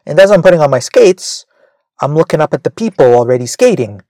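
A man's voice: a little high, sing-song, fairly quick, mellow, no echo. A male comedian telling a rambling, self-mocking story, with frequent "right?" asides.

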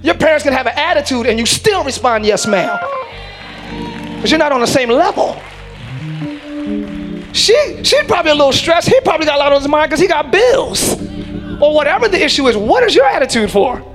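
A man preaching from the pulpit in a very high voice, driving his points home and then dropping to a near hush. Music plays steadily underneath him. The whole thing sounds like a live church service. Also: animated, a little fast. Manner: emphatic preaching, swinging between shouts and hushed low lines. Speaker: pastor. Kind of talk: sermon. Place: church sanctuary.

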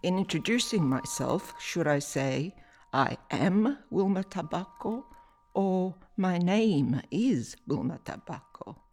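A woman's voice: on the low side, lively intonation, darkish tone, soft background music. Woman reading a reflective personal essay. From Italy. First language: Italian. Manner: measured, deliberate reading with pauses. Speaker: artist. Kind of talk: reflective scripted narration.

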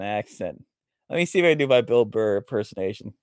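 40s male host, low voice, dry sound, loose rambling live-stream monologue. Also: sing-song, quick pace, a little mellow, smooth, dry recording. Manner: rambling, full of fillers and restarts.

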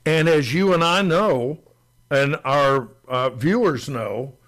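A man co-hosting a talk show, explaining rental rules in a deliberate way and stressing key words. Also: on the high side, fairly bright tone. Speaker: landlord co-host explaining rental law.

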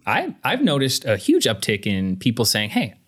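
A man's voice: medium pitch, huge pitch swings, fairly bright tone, slightly rough. A man co-hosting a podcast in casual chat, teasing dryly and correcting his partner. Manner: dry teasing, quick corrections. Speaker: podcast co-host.

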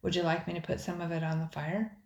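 A polite young boy answers in a raised, higher voice, quick to obey, in a storybook tale, voiced by an older woman. A gravelly edge stays underneath. The room sounds echoey. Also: little pitch movement. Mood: eager. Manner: polite, obedient.

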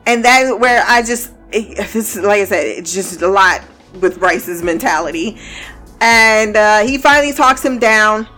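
A woman's voice: mid-range voice, measured pace, pushed and bright, faint music behind. A woman giving a casual, blunt and profane recap of a TV show, often breaking into laughter. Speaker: TV show reviewer.

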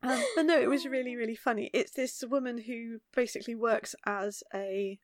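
A woman's voice: on the high side, moderate pace, no room sound. Chatty woman, dry sound. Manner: chatty, laughs often, animated storytelling. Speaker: podcast co-host. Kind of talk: casual chat.

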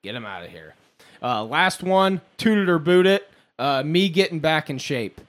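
A man's voice: fairly high pitch, sing-song, normal speed, fairly bright tone. A man hosting a podcast, rambling and joking in casual banter, with many restarts. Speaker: podcast host.

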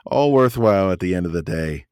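A man's voice: low-pitched, lively intonation, fairly quick, darkish tone, clear, resonant tone, dry recording. A man co-hosting a casual wrestling review podcast, rambling with lots of fillers and restarts. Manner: rambling, many fillers and restarts, laughs often. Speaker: podcast co-host.

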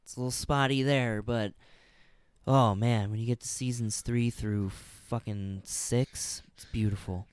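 A man in a casual movie chat, a relaxed and enthusiastic fan who swears casually. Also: mid-range voice, a little slow, clear, resonant tone, dry recording. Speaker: podcast co-host.

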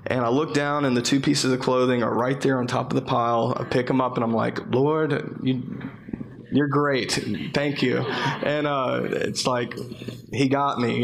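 A man's voice: medium pitch, steady tone, moderate pace, vocal fry, a little hiss or hum. A male pastor giving an earnest, conversational sermon, repeating phrases and restarting sentences as he talks.

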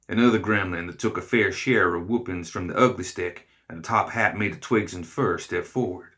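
Low-voiced, bright storybook narrator. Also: male voice, normal speed, few pauses. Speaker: reader.

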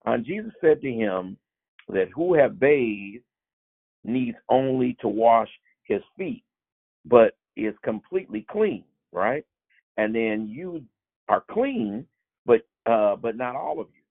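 Low gravelly man, informal small-group Bible teacher, tinny lo-fi line. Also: expressive. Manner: halting, many fillers and restarts. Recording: tinny phone-like sound.

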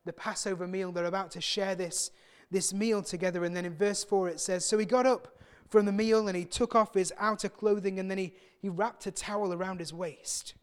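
A man, a pastor preaching a sermon in an earnest way, who slows and softens his voice for emphasis. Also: high voice. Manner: acts out quoted voices with sudden loud bursts.

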